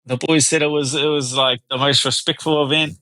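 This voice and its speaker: A brash man in his thirties tells rowdy stories on a podcast, swearing freely and laughing at his own jokes. His voice sits fairly high. The sound is dry and close. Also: brisk, dry recording. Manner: crude, animated storytelling with lots of swearing and laughs. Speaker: guest fighter. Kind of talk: casual podcast interview.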